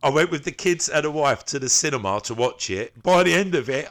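A man's voice: on the high side, lively intonation, brisk, few pauses, noisy background. A man, a podcast co-host telling stories in casual, slangy chat and laughing often.

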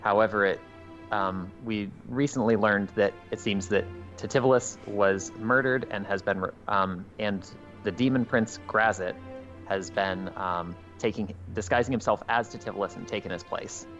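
A man voicing an earnest, loyal devilish ex-soldier in a tabletop game, speaking haltingly. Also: fairly low pitch, a bit bright. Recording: dull muffled sound with faint music.

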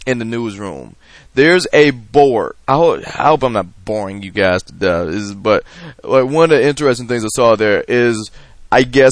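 A man's voice: medium pitch, no room sound. A man hosting a podcast, telling a loose, rambling story with casual swearing and lots of fillers. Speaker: podcast host. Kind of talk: casual monologue.

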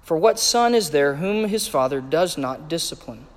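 A man preaching a sermon, measured and emphatic as he reads and explains scripture. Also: on the high side, animated. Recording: echoey hall with long reverb.

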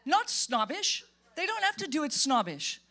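Woman pastor, high-pitched, emphatic animated sermon delivery in a church. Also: normal speed. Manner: animated, emphatic preaching with acted-out quotes.

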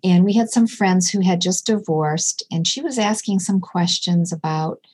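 A woman's voice: fairly low pitch, normal speed, a little mellow, husky. A middle-aged woman, a podcast guest, talking earnestly and telling stories with quoted dialogue. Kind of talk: casual conversation.

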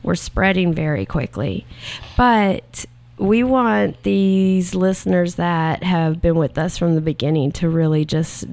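A young woman co-hosting a podcast in relaxed, casual chat. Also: lowish voice, measured pace, creaky. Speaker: podcast co-host.

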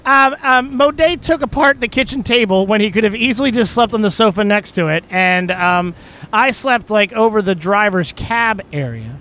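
A man's voice: high voice, animated, moderate pace, pushed and bright. A man hosting a casual podcast chat outdoors at a racetrack campsite, playful and laughing, with stammering restarts. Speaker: podcast host.

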